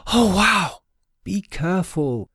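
A woman's voice: mid-range voice, very animated, moderate pace, dark tone, dry recording, studio quality, pitched above the performer's own voice. A man voicing a carefree teenage girl witch who giggles and teases. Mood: teasing. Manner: giggling, breezy and teasing.

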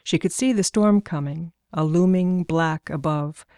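A woman reading a fantasy novel aloud as narrator, in a measured, steady storytelling manner. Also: on the low side, clean tone, dry recording, clean studio sound. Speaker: audiobook narrator. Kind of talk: scripted narration.

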